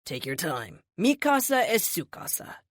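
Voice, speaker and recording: A woman puts on an effusive middle-aged male shopkeeper who showers his customer with compliments and Spanish pleasantries. The voice swings lively up and down, recorded dry and close. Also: lowish voice, moderate pace, no room sound. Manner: generous, flattering, sprinkles Spanish words. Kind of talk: audiobook character voice.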